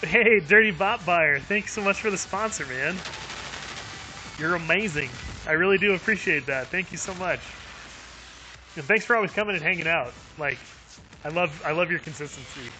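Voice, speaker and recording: A man's voice: a little high, moderate pace, sharp tone, soft background music. A man streaming a video game live, chatting upbeat with viewers, laughing often and using lots of fillers. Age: adult with young kids. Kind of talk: live gameplay commentary.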